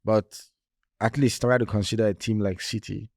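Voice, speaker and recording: A man's voice: lowish voice, fairly even intonation, moderate pace, vocal fry, a little mellow, no echo, clean studio sound. A man co-hosting a casual football podcast, talking in an emphatic way and repeating his points. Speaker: podcast co-host.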